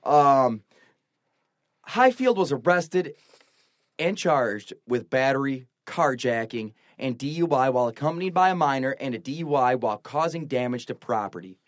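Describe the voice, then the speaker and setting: A man hosting a casual podcast chat, telling stories in an animated, incredulous way. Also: medium pitch, normal speed, no room sound, clean studio sound. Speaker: podcast host.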